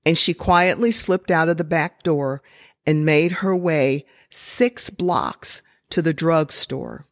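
A woman telling a true story in a slow, deliberate, expressive sermon style. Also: deep voice, no echo, clean studio sound.

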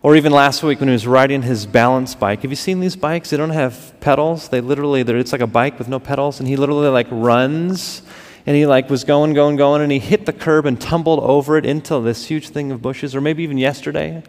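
A man in his thirties preaching a sermon, swinging between loud emphasis and hushed, drawn-out words. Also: medium pitch. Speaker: pastor. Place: church sanctuary. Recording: long hall reverb.

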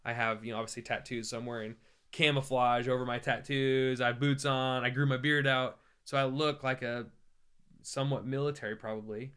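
Bright-voiced American man telling stories. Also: medium pitch, fairly quick, smooth. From United States. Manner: animated, joking, acts out quoted voices. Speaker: evangelist guest. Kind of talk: conversational storytelling.

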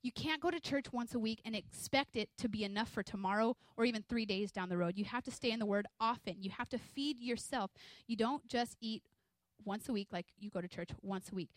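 A woman in her thirties preaching a sermon at church, conversational and energetic, acting out little scenes from family life. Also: medium pitch, dry recording. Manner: energetic, conversational, acts out quotes from home life. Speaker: pastor's wife preaching.

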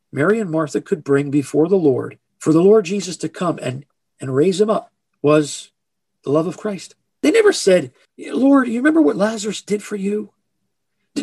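A man preaching a sermon in an earnest, emphatic way, slowing down to stress key phrases. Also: a little high, creaky, a little mellow, husky, dry recording.

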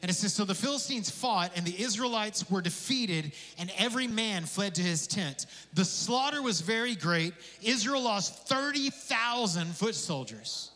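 A man preaching a sermon as pastor, conversational and animated, with casual asides and jokes. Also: high-pitched, moderate pace, hardly any pauses. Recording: long hall reverb.

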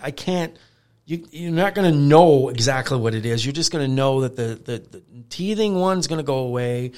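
A man co-hosting a casual podcast as a dog trainer, telling animated stories and acting out growls and praise. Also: mid-range voice, normal speed. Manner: animated storyteller who acts out growls and praise.

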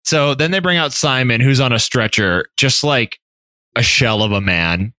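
Bright-voiced casual male podcaster. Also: mid-range voice, normal speed, no room sound, clean studio sound. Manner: casual, full of "like" and swearing. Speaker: podcast co-host. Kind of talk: casual book recap chat.

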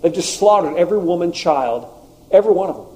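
Male preacher, warm mellow tone, casual and animated. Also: high voice, quick pace. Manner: conversational, animated asides. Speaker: pastor. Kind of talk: sermon.

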